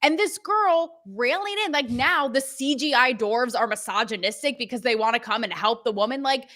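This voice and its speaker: A woman's voice: a little high, animated, normal speed, fairly bright tone. A young adult woman co-hosting a political talk show, ranting in a sassy, mocking way. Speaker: co-host. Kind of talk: opinionated political chat show.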